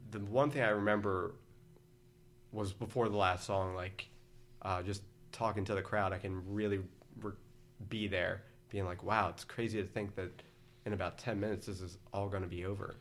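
A man's voice: fairly low pitch, fairly even intonation, normal speed, slight background noise. A man in his forties, a guest on a podcast, telling long casual stories in a laid-back, rambling way. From Philadelphia area, United States. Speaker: podcast guest, former band vocalist. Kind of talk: casual storytelling chat.

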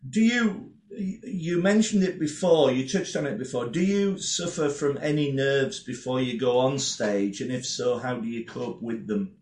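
A man's voice: mid-range voice, unhurried, few pauses, darkish tone, reverberant. A man hosting a podcast, asking questions and telling anecdotes in a friendly, casual way. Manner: friendly, anecdotal, frequent "yeah" backchannels. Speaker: podcast host. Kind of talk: casual interview chat.

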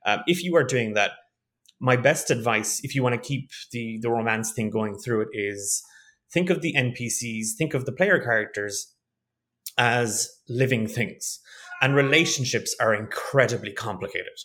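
A man's voice: medium pitch, moderate pace, a bit bright. A man, a game master, chatting casually on a podcast and often restarting his sentences. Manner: restarts and repeats words, laughs easily.

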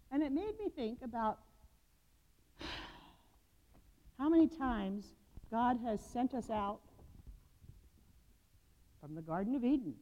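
A woman pastor preaches in a relaxed, chatty way, her voice a touch high. The sound is dull and lo-fi, with a long reverb trailing off in a large church. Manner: homely, conversational preaching with fillers. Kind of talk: sermon.

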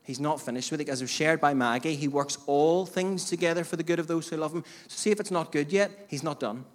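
A man's voice: fairly high pitch, a little fast. A man preaching a sermon as pastor, speaking emphatically with repeated phrases and direct address to the congregation. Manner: emphatic preaching with rising bursts and repetition.

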